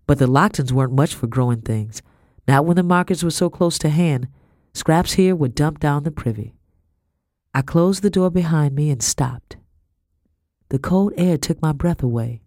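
A man giving steady, measured scripted narration of an audiobook. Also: a little high, no room sound, clean studio sound.

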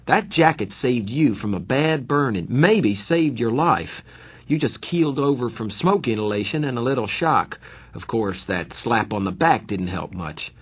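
A man reading a story aloud, voicing a kindly adult man who calmly reassures an injured boy. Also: medium pitch, unhurried, breathy edge. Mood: soothing. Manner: soothing, earnest, steady.

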